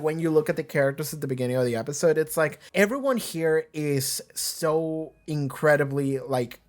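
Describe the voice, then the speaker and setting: A man hosting a reaction video, talking casually and animatedly, rambling with frequent restarts and swearing. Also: on the high side.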